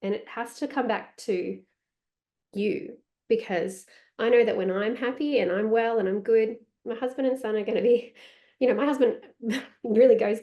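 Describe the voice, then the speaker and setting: A woman's voice: fairly high pitch, moderate pace, muffled recording. A woman talking as a podcast guest, chatty and reflective, often quoting her own thoughts. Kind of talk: conversational podcast interview.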